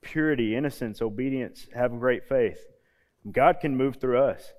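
Man preaching in a reverberant church hall. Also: unhurried. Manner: casual storytelling, drops soft and low on key points. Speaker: youth pastor. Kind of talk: sermon.

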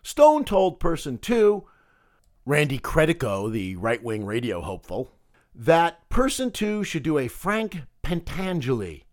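A man's voice: fairly high pitch, huge pitch swings, unhurried, a little mellow. A man with a cold delivering an indignant, sarcastic political commentary monologue. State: has a cold.

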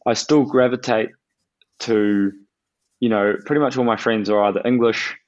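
New man, animated storytelling chat. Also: medium pitch, normal speed, highs cut off. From New Zealand. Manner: animated, storytelling, hesitant fillers. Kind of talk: casual chat.

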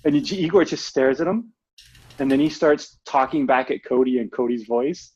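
A man's voice: medium pitch, normal speed, very noisy. A man in casual chat, telling rambling stories with many restarts and giggles. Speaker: bandleader and podcast co-host. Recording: dull lo-fi sound.

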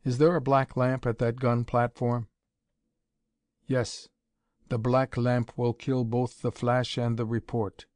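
A man reading an audiobook, voicing a captured male conspirator giving flat, compliant answers under interrogation. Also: medium pitch, slow, dry recording, clean studio sound, close to an everyday voice. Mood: confessing.

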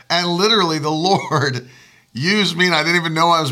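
A man's voice: on the high side, moderate pace. A man, a pastor, telling a personal story in casual chat and laughing as he talks. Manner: animated storyteller, laughs while talking.

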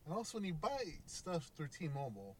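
A man's voice: a little high, wildly swooping pitch, a little fast, darkish tone, slight background noise. A young man on a casual podcast chat, telling a story and acting out both sides of the exchange, swearing freely. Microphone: podcast microphone.

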